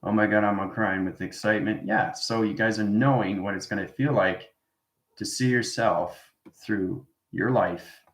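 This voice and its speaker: A man's voice: lowish voice, fairly even intonation, unhurried. A man teaching an informal spiritual class, rambling and tagging his statements with "right?" as he goes. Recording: roomy echoey room.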